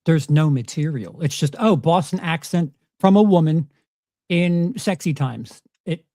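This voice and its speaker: A man's voice: on the high side, a little slow, warm tone, no echo, studio quality. A man on a panel, questioning and arguing in short bursts during casual chat.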